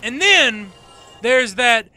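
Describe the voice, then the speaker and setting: A man's voice: very high voice, expressive, drawn-out words, pushed and bright. A man with an Appalachian accent co-hosting a let's play, joking provocatively and stubbornly holding his ground. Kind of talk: casual gaming commentary chat.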